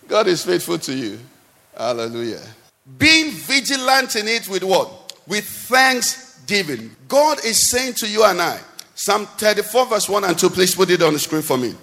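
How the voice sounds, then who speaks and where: A man preaching a sermon in a church, with animated, sing-song delivery that swings between loud and soft. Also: high-pitched, measured pace. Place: church hall. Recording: long hall reverb.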